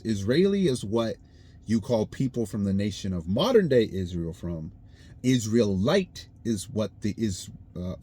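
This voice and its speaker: A man's voice: on the low side, warm tone, slight background noise. A man talking casually to camera about his faith, explaining things plainly and often checking in with "all right?". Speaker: vlogger.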